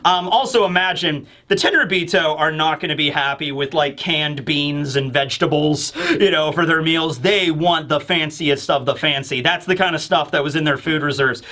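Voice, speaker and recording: A man giving casual, rambling commentary on a manga chapter, animated and full of fillers. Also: a little high, moderate pace, few pauses. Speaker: manga reviewer.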